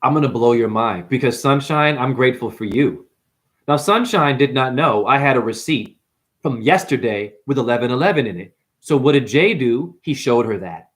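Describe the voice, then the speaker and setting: A man's voice: mid-range voice, animated, normal speed. A man hosting a numerology video, ranting to camera in a confrontational, preachy way and calling viewers honey. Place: apartment.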